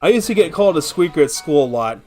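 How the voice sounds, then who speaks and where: A man's voice: a little high, quick pace, faint music behind. Profane, rambling young male streamer. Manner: rambling, profane, animated storytelling. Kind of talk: casual gameplay chat and storytelling.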